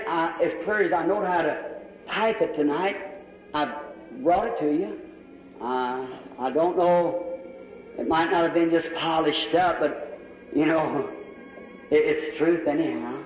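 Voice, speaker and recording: A man preaches an altar call in a large church, his voice riding high. He pleads fervently, repeating his appeals again and again. The old, dull recording catches him from far off in a long, ringing hall. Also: slow, long pauses, faint music behind. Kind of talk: sermon altar call and prayer. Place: large church with balcony and box seats.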